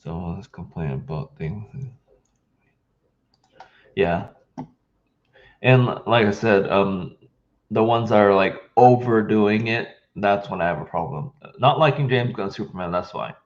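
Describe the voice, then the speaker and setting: A man's voice: on the low side, unhurried, pauses often, lo-fi sound. A man hosting a reaction video, talking casually and hesitantly with frequent ums and restarts. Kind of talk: casual commentary.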